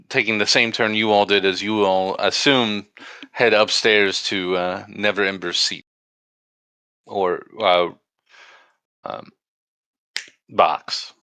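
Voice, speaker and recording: Acting as game master, a man narrates scenes haltingly, stopping and starting as he goes. His lowish voice is bright, forward and clean in tone. The recording is close and dry, with almost no room sound and no echo.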